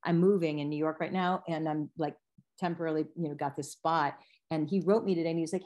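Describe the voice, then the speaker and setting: A woman in her forties, an actor guest chatting in a relaxed, rambling way that keeps jumping into little acted-out quotes. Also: fast talker. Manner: lively storyteller who acts out quotes in sudden high voices. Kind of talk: casual conversation.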